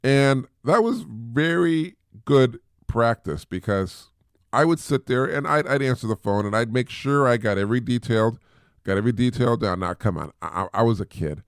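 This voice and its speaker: A man's voice: mid-range voice, lively intonation, normal speed, clear, resonant tone, no room sound, clean studio sound. A middle-aged man hosting a podcast, giving casual advice in a chatty way, often repeating words and mimicking voices. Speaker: podcast host.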